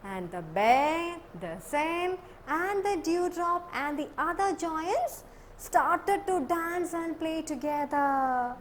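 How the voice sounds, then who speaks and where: A woman's voice: very high-pitched, animated, takes it slowly, a little hiss or hum. A woman teacher telling a story to young children in a sing-song way, often asking them questions. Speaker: primary school teacher.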